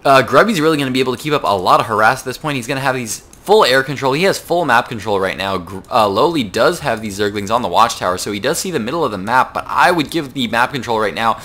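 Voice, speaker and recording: A young man doing solo play-by-play commentary on a video game match, talking fast with many fillers and a rough morning voice. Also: mid-range voice, lively intonation, sharp tone. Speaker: esports caster.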